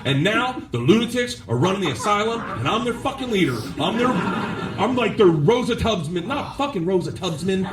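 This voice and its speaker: A man's voice: high-pitched, very animated, moderate pace, reverberant, distant mic. A man doing stand-up storytelling, rowdy and swearing, acting out the people he quotes. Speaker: stand-up comedian.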